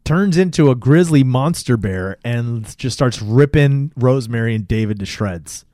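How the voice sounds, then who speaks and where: Um homem numa conversa casual, recontando um filme com energia, xingando bastante e imitando as falas dos personagens. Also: male voice, mid-range voice, moderate pace, no room sound, clean studio sound. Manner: animated retelling, swears a lot, acts out lines. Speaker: podcast co-host. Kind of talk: casual movie recap chat.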